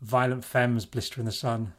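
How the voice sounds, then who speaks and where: A man in casual chat, patient and gently teasing. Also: mid-range voice, little pitch movement, moderate pace.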